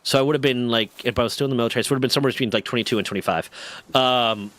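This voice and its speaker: A man's voice: medium pitch, rapid-fire, fairly bright tone, no room sound. A man of thirty from Pennsylvania, chatting casually on a stream and ranting with a lot of swearing. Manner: profane, ranting, rambling. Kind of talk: casual chat.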